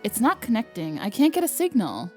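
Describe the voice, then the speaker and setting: A woman's voice: a little high, huge pitch swings, fairly quick, faint music behind. Woman reading a visual novel aloud. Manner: reads narration evenly, laughs between lines. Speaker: let's player.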